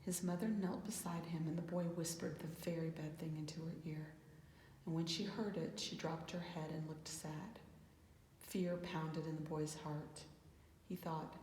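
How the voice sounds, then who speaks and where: A woman reading a children's picture book aloud in a calm, gentle manner, closing with reflective questions. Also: low-pitched, measured pace, reverberant, long reverb tail, slight background noise. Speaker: children's storyteller. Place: church hall.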